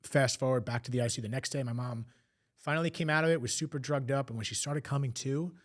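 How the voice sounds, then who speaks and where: Fast-talking man recounting family story. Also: medium pitch. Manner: fast, emotional retelling with acted quotes. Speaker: podcast guest. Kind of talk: personal storytelling.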